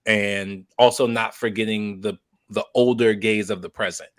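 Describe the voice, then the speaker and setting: A man co-hosting a podcast, chatting casually with a slow, drawn-out delivery and gushing laughs. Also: on the low side, fairly even intonation, no echo. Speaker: podcast co-host. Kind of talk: casual chat.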